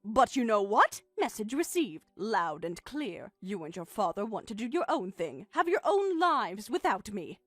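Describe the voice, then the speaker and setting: A woman's voice: medium pitch, sing-song, measured pace, few pauses, no echo, soft background music. Synthetic female voice as a bitter, wounded mother. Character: hurt, bitter middle-aged mother and wife. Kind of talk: text-message story narration.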